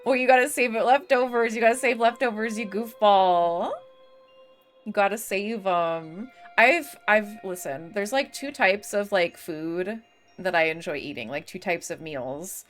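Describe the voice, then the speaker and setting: A woman's voice: medium pitch, measured pace. A young woman streaming a game, chatting casually with viewers; talkative, swearing freely, full of fillers and laughter. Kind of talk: casual live-stream chat. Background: faint game music.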